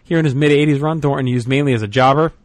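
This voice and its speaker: A man's voice: mid-range voice, rapid-fire, dry recording. Wisecracking male co-host reading stats. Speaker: podcast co-host. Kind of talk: casual chat, reading stats aloud.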